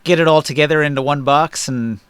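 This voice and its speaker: A male game master narrates a tabletop session in an easygoing way, with a bright, clear voice. The recording is dry and close. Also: on the high side, fairly quick, dry recording. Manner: relaxed, easygoing narration with fillers.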